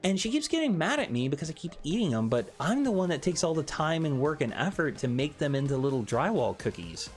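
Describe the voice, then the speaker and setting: A young man hosting a casual live stream, chatting with viewers and answering their comments, often jumping into high excited squeals. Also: fairly quick, hardly any pauses, soft background music. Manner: animated, jumps into high excited squeals and laughs.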